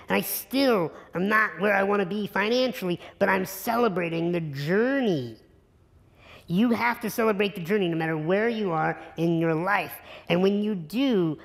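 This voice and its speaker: A man with a high, gravelly voice gives an earnest, emphatic motivational keynote in a conference hall. His inspirational speech builds to repetition, and the hall is reverberant.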